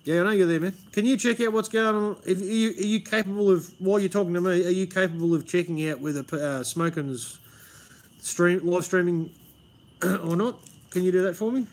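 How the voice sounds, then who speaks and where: An Australian man hosts a live stream outdoors under a pergola, rambling casually, swearing, and saying "man" a lot. His voice sits high and runs a little fast.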